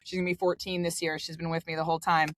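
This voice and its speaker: A woman, a podcast guest telling her story in a lively, casual way and acting out quotes with big jumps in pitch. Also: racing.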